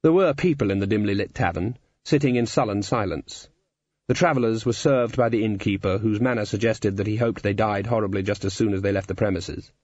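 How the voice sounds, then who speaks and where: A man narrating a comic fantasy story in a wry, measured manner. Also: lowish voice, darkish tone, no echo, lo-fi sound. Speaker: audiobook narrator.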